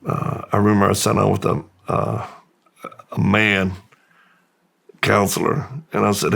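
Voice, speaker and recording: A man from the United States, a guest in an interview, slowly and reflectively telling his life story with pauses and restarts. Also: on the low side, flat delivery, gravelly, fairly bright tone.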